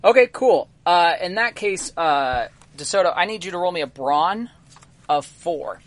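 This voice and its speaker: A man narrating as game master of a tabletop role-playing game, relaxed and full of fillers. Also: high-pitched, a little slow.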